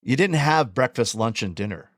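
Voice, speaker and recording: A man's voice: medium pitch, animated, moderate pace, a bit bright, no echo. Male co-host, easygoing musing, dry close sound. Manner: rambling, musing. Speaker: podcast co-host. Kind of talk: casual chat.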